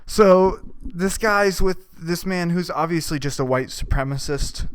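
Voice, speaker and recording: A man's voice: sits high, a little slow, clear, resonant tone, no room sound. A young man hosting a podcast, riffing profanely in a rambling comedic monologue and putting on voices for the people he quotes. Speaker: podcast host.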